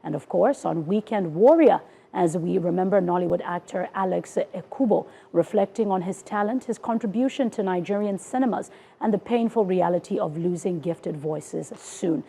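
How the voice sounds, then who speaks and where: A woman from South Africa presents morning television news in a studio, her voice gravelly and warm. She reads the headlines with upbeat energy and slips into playful banter with her co-host. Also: fairly low pitch, normal speed.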